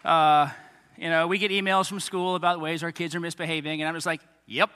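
A man in his thirties, a pastor giving a lively sermon to children and families, with chatty asides to kids and parents. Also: fairly high pitch, quick pace, clear, resonant tone. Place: church hall. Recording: echoey hall reverb.

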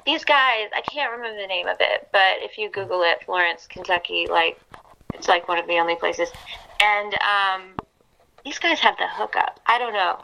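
A young woman from Atlanta chatting as an interview guest, animated and talkative, full of "like". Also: mid-range voice, normal speed, gravelly, a little hiss or hum, low-quality recording. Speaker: guest actress. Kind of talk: casual interview chat.

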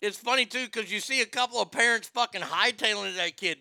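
Brief: male show host, sharp bright tone, dry close sound, profane irreverent comedic commentary. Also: high-pitched, fairly quick, creaky, no echo.

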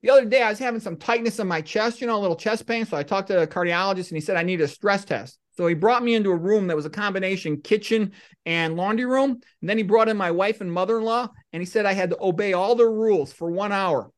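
A middle-aged man hosts a podcast and talks his way through comic stories and quotes. His delivery stays deadpan and wanders into rambling asides. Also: high-pitched, quick pace. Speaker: podcast host. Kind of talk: comic monologue and storytelling.

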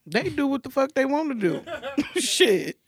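A man's voice: very high-pitched, sing-song, unhurried. A man on a casual podcast speaking bluntly and profanely, laughing as he goes. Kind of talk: casual crude podcast banter.

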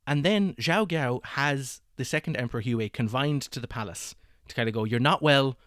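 A man tells history in casual podcast chat, laughing often and slipping into quick voices for the people in the story. His voice sits at a middling pitch and sounds dry and close to the mic. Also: no echo. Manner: animated, laughs often, acts out quotes. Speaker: podcast host telling history.

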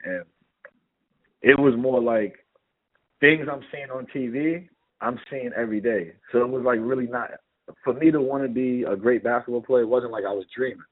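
A middle-aged man with a New York accent, a guest telling stories in a casual interview and acting out the dialogue. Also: mid-range voice. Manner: animated, acts out dialogue in anecdotes. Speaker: guest, former basketball player. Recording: tinny phone-like line.

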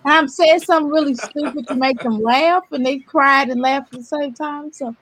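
A woman in casual panel chat, animated and quick to laugh, acting out what she says to people. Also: high-pitched. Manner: animated, laughs easily, acts out quotes.

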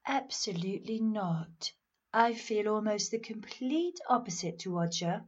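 An actress playing an earnest, instructive voice coach in a comedy panel sketch. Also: female voice, mid-range voice, lively intonation, unhurried, highs cut off.

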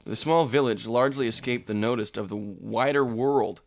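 A man's voice: medium pitch, normal speed, gravelly, no echo, clean studio sound. A man co-hosting a comedy podcast, reading odd news stories aloud and swearing in nearly every line. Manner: reads news aloud with constant swearing, lively. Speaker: podcast co-host. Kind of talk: crude comedic banter.

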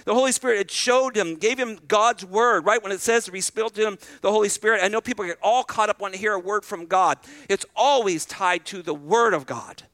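Pastor, male, bright high voice, dry close sound, preaches in a conversational way, asks questions, repeats words. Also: a little fast, few pauses, no echo. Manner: repeats words when starting sentences. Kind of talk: sermon.

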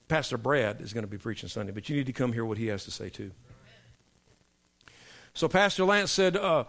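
A middle-aged male pastor preaching a sermon to his congregation, emphatic and preacherly, dropping low for punchlines. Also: gravelly, fairly bright tone. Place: church sanctuary.

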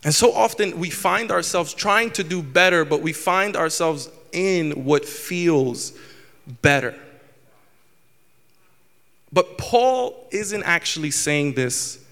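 A man's voice: on the high side, animated, slow pace, gravelly, pushed and bright, in a large hall. A man in his twenties preaching a candid, self-deprecating sermon, often restarting his sentences. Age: 20s.

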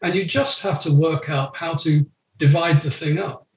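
Guy producer explaining calmly, voice a bit high, roomy echo. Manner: measured, explanatory. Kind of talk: interview talk.

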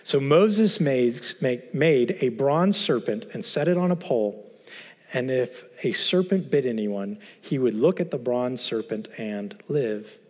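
A man's voice: mid-range voice, lively intonation, unhurried, darkish tone. A man teaching through a Bible passage, earnest and emphatic, posing rhetorical questions to his listeners. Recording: long hall reverb.

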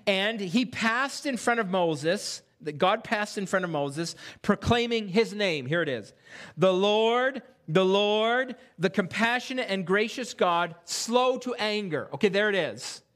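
A man preaching an expository sermon in a church, reading scripture aloud and posing rhetorical questions with animated delivery. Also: high-pitched, a little slow. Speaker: pastor. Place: church sanctuary.

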